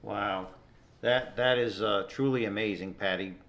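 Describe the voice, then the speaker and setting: A man's voice: on the low side, steady tone, a little slow, fairly bright tone. A man hosting an interview, effusive and generous with praise for his guest. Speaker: show host.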